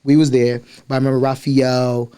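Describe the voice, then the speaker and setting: Fast-talking man from Liberia telling his story. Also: mid-range voice, clean tone. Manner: animated, acts out voices in his stories. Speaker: podcast guest. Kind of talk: casual storytelling chat.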